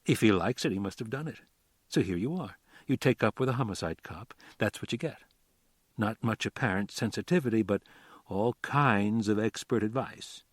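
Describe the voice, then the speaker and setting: A man's voice: on the low side, normal speed, slightly rough, no echo. A man reading an audiobook, playing a blunt, wisecracking homicide detective with a dry, easy manner. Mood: wry.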